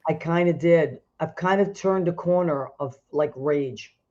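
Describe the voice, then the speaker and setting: A woman's voice: low voice, unhurried. Chatty woman host on a muffled line. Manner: animated, laughs easily. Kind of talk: casual chat.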